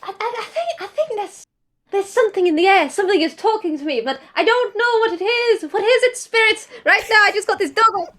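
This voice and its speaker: A woman voicing a furry toon mother who dotes on her little one, gushing and cooing with excitement. Her voice sits high and bright with delight. It is cartoonish tabletop role-play. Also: fairly quick.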